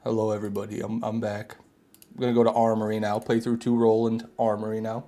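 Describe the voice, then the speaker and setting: A man's voice: lowish voice, completely flat delivery, fast talker, warm tone. A man streaming a game live, chatting casually with viewers and answering their comments, sometimes with sarcastic jabs.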